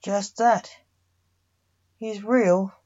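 A woman voicing a chicken who speaks calmly as a courtroom lawyer, in a plain, matter-of-fact reading. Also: medium pitch, drawn-out words, muffled recording.

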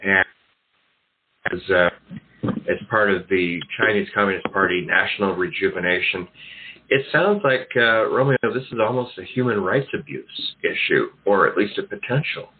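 A man's voice: low voice, normal speed. A man hosting a talk radio show, rambling through opinions with many fillers and restarts. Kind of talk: casual talk radio commentary. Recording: tinny phone-like sound.

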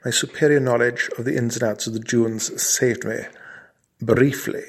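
A man telling a comic mock-heroic tale in a pompous, deadpan, mock-formal way. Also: mid-range voice, moderate pace, slightly rough. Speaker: comic storyteller.

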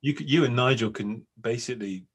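A man's voice: mid-range voice, a little fast, breathy edge. A man co-hosting a podcast from home, musing thoughtfully in casual chat, often hesitating. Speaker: podcast co-host and agile coach.

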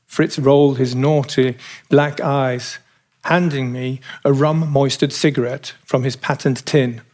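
A man reading a novel aloud as narrator, in a measured, wry storytelling manner. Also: medium pitch, fairly even intonation, a little mellow. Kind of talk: audiobook reading.

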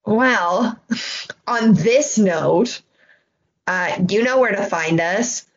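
A young woman co-hosting a podcast in casual chat, animated and swearing freely as she acts out her own reactions. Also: medium pitch, drawn-out words, lo-fi sound. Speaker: podcast co-host.

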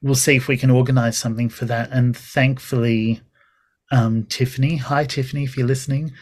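Podcast guest, male, mid-pitched voice, animated casual storyteller. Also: fairly quick. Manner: animated storytelling with laughs and quoted dialogue. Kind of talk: casual chat.

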